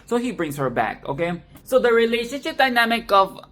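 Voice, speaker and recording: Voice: medium pitch, very animated, brisk, a bit bright. A host giving a casual, sarcastic film review monologue, chatting loosely, laughing often and swearing freely.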